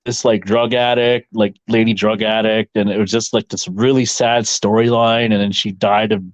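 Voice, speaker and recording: A man's voice: fairly low pitch, level tone, normal speed, no room sound. A man chatting casually as a podcast co-host, laid-back, laughing often and swearing. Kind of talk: casual chat.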